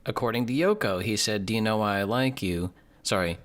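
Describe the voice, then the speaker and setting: A man's voice: fairly low pitch, brisk, fairly bright tone. A man in his twenties giving rambling, profane, casual commentary, often trailing off and restarting his sentences. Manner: rambling, profane, self-deprecating, many restarts. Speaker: video essayist.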